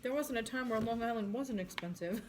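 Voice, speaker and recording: A woman's voice: a little high, fairly quick, noisy background. A woman with a New York accent, co-hosting a casual chat over a meal, blunt and teasing, with frequent laughter. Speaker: co-host. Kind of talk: casual chat while eating.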